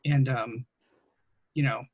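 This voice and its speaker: A man hosting a podcast interview over a video call, talking casually with lots of ums and pauses. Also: medium pitch, fairly even intonation, slightly rough, dry recording, dull audio. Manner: hesitant, many ums, warm thanks. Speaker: podcast host.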